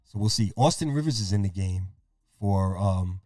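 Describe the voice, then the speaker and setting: A man's voice: low-pitched, dry recording, clean studio sound, soft background music. Man calling a game play-by-play. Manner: rapid game calling, profane, excitable. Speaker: podcast host. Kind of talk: casual play-by-play over a game.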